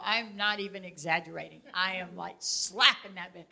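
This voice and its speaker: An older woman with a bright, forward voice teaches casually. She tells stories from her own life, animated and quick to laugh. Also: fairly low pitch, creaky. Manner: animated storyteller, laughs often.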